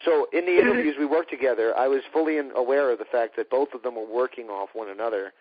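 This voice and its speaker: A man with a slightly husky voice chats about wrestling on a podcast in an opinionated, sarcastic way. The recording is muffled and lo-fi, with no room sound at all. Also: mid-range voice, fast talker, dry recording. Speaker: podcast co-host. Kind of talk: casual wrestling talk show chat. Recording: dull lo-fi dry recording.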